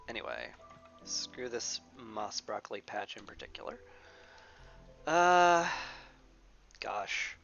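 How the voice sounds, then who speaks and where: Brief: woman streamer, stuffy nose, sarcastic let's-play chatter, lively swinging pitch, bright edge. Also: slow, creaky, pauses often. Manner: wry, sarcastic self-talk. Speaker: gaming streamer. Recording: slightly dull, faint music behind.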